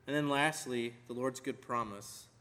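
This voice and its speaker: A man preaching a sermon with emphasis, slowing down to stress the scripture he quotes. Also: mid-range voice, a bit bright. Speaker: pastor. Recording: long hall reverb.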